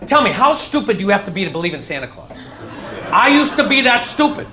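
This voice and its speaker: High-voiced comedian in an echoey club. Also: male voice, fast. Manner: animated storytelling, acting out anxious inner voices. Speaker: stand-up comedian. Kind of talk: stand-up routine. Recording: live club recording, echoey room with audience laughter. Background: audience laughing.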